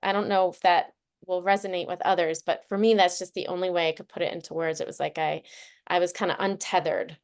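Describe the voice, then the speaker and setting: A woman guest on a podcast, talking earnestly and telling heartfelt personal stories in relaxed conversation. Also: lowish voice, fast talker, clear, resonant tone. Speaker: guest, childhood trauma expert.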